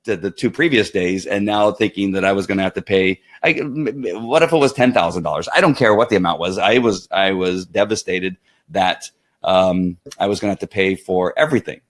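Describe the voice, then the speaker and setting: A man's voice: low-pitched, fairly quick. A man vlogging, telling a personal story in a rambling casual way with many asides. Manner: rambling, with frequent restarts and asides.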